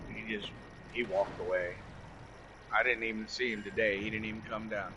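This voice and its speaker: A man's voice: fairly low pitch, level tone, brisk, pushed and bright, slight background noise, low-quality recording. A man in casual chat, angrily recounting a story with lots of swearing and repeating himself as he quotes what he said. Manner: profane, heated, repeats "I said" while quoting himself.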